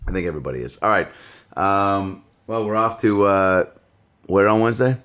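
A man's voice: sits low, normal speed, clear, resonant tone. A man hosting a podcast, chatting casually and telling stories with frequent laughter. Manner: laughing, animated storyteller. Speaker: podcast host. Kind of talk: casual chat.

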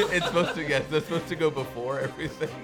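A man's voice: a little high, fast talker, loud music behind the voice. A man playing in a tabletop game podcast, joking and laughing often. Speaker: player. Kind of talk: casual tabletop game chat.

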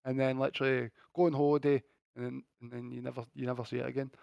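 A Scottish man in his thirties with a gravelly, fry-edged voice, chatting easily and poking fun at himself. He sounds close to the mic in a dry, dead room. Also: mid-range voice, level tone, fast, dry recording, lo-fi sound. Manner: laid-back, self-mocking storytelling. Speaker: professional footballer guest. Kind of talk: casual chat.

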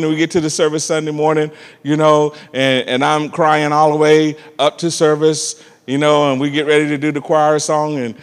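A man preaching a sermon and telling a personal story, emphatic and animated, calling out to the congregation for amens. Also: fairly high pitch, clear, resonant tone, long reverb tail. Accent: African American church preaching. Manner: emphatic and animated, calls "amen" and "come on" to the congregation.

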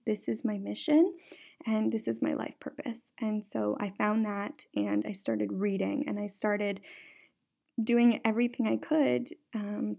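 A woman's voice: fairly high pitch, gravelly, mellow. A young adult woman from Canada hosting a podcast, telling her personal story in an earnest way and often repeating words for emphasis. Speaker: podcast host.

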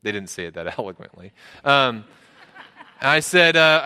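Bright-voiced preacher in a reverberant hall. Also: male voice, animated, measured pace, smooth. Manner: earnest, repeats words, rises in pitch for emphasis. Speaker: pastor. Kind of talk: sermon.

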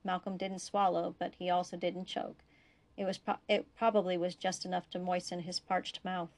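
A woman narrating a science fiction story aloud in a steady, even way. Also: on the low side, moderate pace. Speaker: fan fiction reader.

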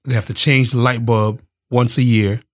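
A man's voice: mid-range voice, flat delivery, normal speed. Blunt, joking man in casual chat. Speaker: podcast co-host.

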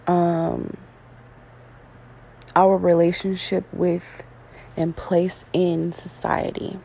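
A woman's voice: on the low side, little pitch movement, drawn-out words, gravelly, dark tone, a little hiss or hum. A woman vlogging in a casual, rambling monologue, frank and swearing freely, while getting over an illness with yawns and coughs. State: recovering from illness, yawning and coughing. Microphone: self-recorded.

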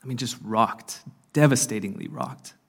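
A man's voice: medium pitch, moderate pace. A man speaking earnestly at a marriage conference, giving a faith-based talk with frequent fillers and restarts. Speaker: conference speaker and podcast host. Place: conference hall.

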